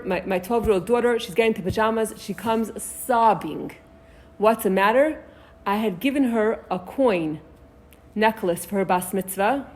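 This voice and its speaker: A middle-aged woman leading a Torah discussion class, talking casually and halting with many restarts. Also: mid-range voice.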